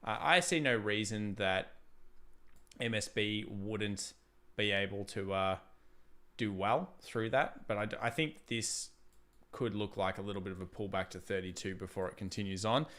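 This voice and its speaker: Man, young adult, casual live-stream host, chatty and animated, smooth clear voice, desk mic. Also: on the low side, normal speed. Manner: chatty, animated, reads viewer super chats aloud. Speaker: livestream trading host.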